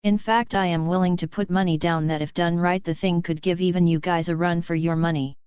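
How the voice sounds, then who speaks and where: A woman's voice: fairly low pitch, moderate pace, clear, resonant tone, dry recording, dull audio, natural voice. A woman voicing a brash, cocky young male vault hunter who swears casually.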